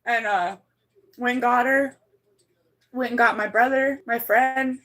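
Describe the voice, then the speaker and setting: A woman's voice: steady tone, a little slow, a bit bright, raised voice. A woman livestreaming to her chat, telling a personal story in a rambling, blunt way, swearing freely and often restarting her sentences. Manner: emotional, voice climbs high when moved.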